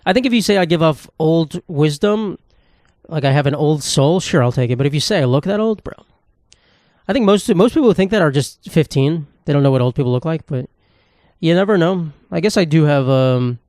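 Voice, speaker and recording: A man in his twenties hosts a solo podcast from a table in an indoor room, rambling through crude, self-mocking humor. His fairly high, darkish voice is expressive and moves at normal speed. The studio sound is clean with no echo.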